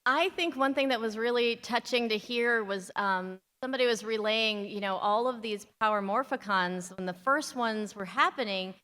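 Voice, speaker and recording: Bright-voiced tearful woman in a hall. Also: a little high, normal speed, few pauses, a little hiss or hum. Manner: heartfelt, tearful. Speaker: panel guest, actress. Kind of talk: convention panel talk. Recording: reverberant hall with crowd.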